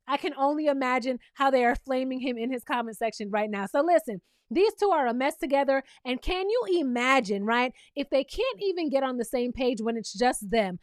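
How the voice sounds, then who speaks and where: A woman's voice: high voice, a little fast, few pauses, dry recording, clean studio sound. A woman hosting a reality TV recap, talking in a sassy, blunt, teasing way with casual, opinionated commentary.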